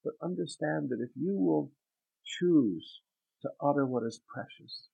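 Gravelly man preaching over a tinny line. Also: a little high, animated, measured pace, dark tone. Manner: reads scripture aloud, then expounds it emphatically. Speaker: pastor. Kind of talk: sermon. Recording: tinny phone-like sound.

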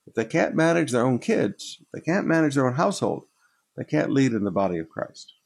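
A pastor teaching a sermon, reading scripture verses aloud and then explaining them in plain, direct words. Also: male voice, mid-range voice, big pitch swings, a little fast, vocal fry, darkish tone, breathy edge.

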